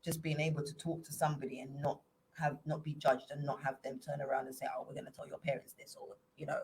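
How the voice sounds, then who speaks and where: A woman's voice: sits low, level tone, fast talker, darkish tone, low-quality recording. An English woman guest in a casual chat, chatty and playful, with faint noise behind her. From England. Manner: chatty, playful, slips into put-on accents.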